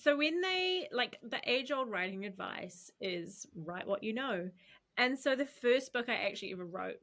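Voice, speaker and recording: A woman's voice: fairly high pitch, lively intonation, normal speed, fairly bright tone. A woman author, a podcast guest, chatting casually and laughing at herself. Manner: laughing, self-deprecating.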